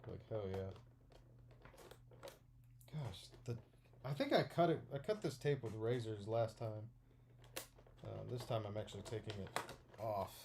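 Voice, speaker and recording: Rambling, excitable young man unboxing. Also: fairly low pitch, measured pace, pauses often, background noise. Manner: rambling and excitable, full of fillers like "like". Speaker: toy unboxing vlogger. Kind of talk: casual unboxing commentary.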